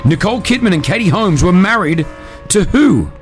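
A man's voice: sits high, sing-song. Upbeat male radio host, music underneath. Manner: upbeat, joking, brisk quizmaster. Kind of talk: breakfast radio banter and quiz hosting. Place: radio studio.

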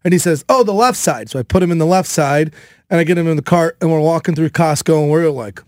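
Loud, high-voiced storytelling man. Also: fast, no room sound, studio quality. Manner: animated storytelling, loud and excitable. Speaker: radio show host. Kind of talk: casual chat.

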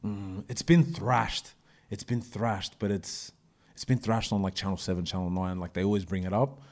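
A man's voice: low-pitched, normal speed. Slangy man chatting loosely. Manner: animated, slangy, lots of filler and restarts. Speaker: podcast host. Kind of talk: casual chat.

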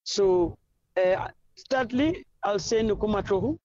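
A woman's voice: medium pitch, lively intonation, slow pace, darkish tone, dry recording, dull audio. A South African woman football coach answering interview questions in an effusive, rambling storytelling way.

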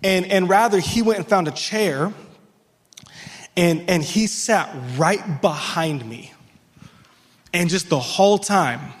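A man's voice: sits high, takes it slowly, in a large hall. A man preaching a sermon as a pastor, in a conversational, self-deprecating way that is full of restarts.

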